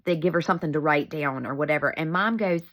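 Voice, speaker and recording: A woman's voice: sits low, fast. Laughing, chatty woman. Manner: laughing often, animated and chatty. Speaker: vlogger telling a family story. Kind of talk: casual storytelling to camera.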